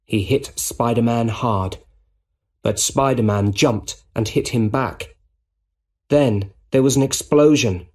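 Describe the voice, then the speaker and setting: A man narrating a simple story for English learners, reading clearly and deliberately. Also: mid-range voice, darkish tone.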